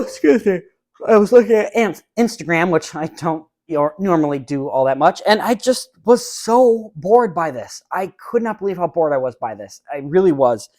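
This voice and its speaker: Speaking into his own microphone at home, in a room where a fan runs, a high-voiced man hosts a solo movie review podcast. He addresses his listeners directly, blunt and exasperated, rambling as he goes.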